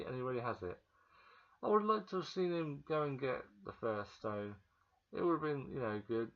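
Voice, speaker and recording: Excitable chatty man, dull lo-fi recording. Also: mid-range voice, creaky. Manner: chatty and excitable, repeats himself, talks straight to the viewer. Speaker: vlogger. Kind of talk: casual movie review vlog.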